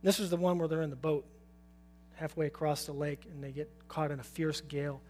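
Faint music plays behind a man preaching informally; his pitch is fairly high, his tone level and somewhat dark, and he talks a little fast. He poses questions to his listeners and often chuckles.

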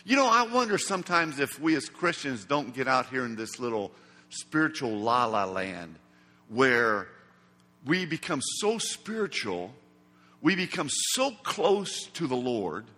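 Preaching a sermon, a man speaks slowly and dramatically in a high, bright voice with a touch of huskiness. He is emphatic and acts out each quote, and the sound rings with a long hall reverb.

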